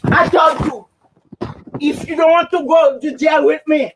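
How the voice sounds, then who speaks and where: A furious woman yelling at a news crew, telling them to go away. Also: sits high, fairly even intonation, unhurried, background noise. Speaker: mother confronted by a reporter. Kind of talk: shouting at a news camera.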